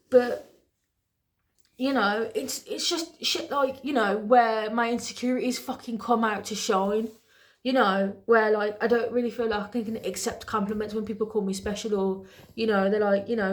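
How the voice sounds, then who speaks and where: A young woman venting bluntly to camera, swearing constantly and sounding frustrated. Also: on the high side. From England.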